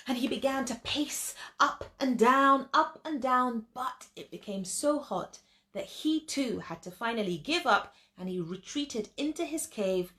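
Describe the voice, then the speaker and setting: A woman tells a children's story with lively, expressive narration and asks her listeners questions along the way. Her voice sits high and sounds bright and crisp. She keeps the telling animated from line to line. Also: a little slow.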